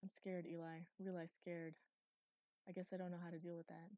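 A woman voicing a blunt, guarded young man in an audiobook, speaking low and gently. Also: level tone, a little fast, no room sound, lightly acted. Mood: gentle.

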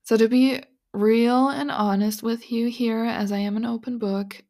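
A woman hosting a podcast, talking through spiritual advice in an earnest, confiding way, with many "like"s and soft breathy asides. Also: fairly high pitch, fairly even intonation, measured pace. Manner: earnest, confiding, full of "like" and "you know". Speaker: podcast host. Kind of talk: casual spiritual monologue.

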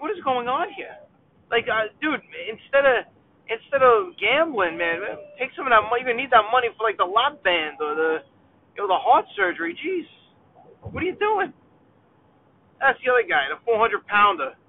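A man, ranting comically to the viewer while driving in a car, chatty and exasperated. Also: high-pitched. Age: 30s. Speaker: vlogger. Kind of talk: rambling comedic rant while driving. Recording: tinny phone-like sound, dry.

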